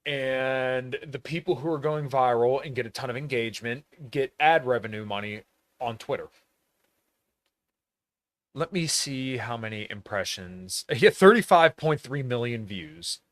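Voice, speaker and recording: A man's voice: mid-range voice, measured pace, no echo. A man from rural Pennsylvania hosting a podcast in a blunt, profane, casual monologue, laughing often. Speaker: podcast host.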